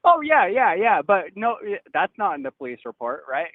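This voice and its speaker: A man's voice: high voice, very animated, moderate pace, dry recording. A man calling in to a podcast on the phone, rambling defensively and trailing off. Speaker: caller. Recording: tinny phone line.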